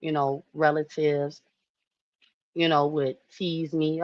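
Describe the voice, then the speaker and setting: Low voiced woman in her 30s just chatting to viewers, lots of "you know", dry dull sound. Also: takes it slowly, no room sound. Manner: chatty, animated, says "you know" often. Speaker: vlogger. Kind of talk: casual storytelling to viewers.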